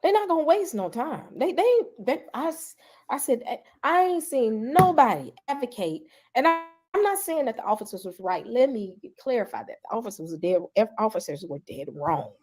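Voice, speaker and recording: A woman's voice: on the high side, very animated, normal speed, darkish tone. A woman in a played clip giving insistent social commentary, full of rhetorical questions and mock asides.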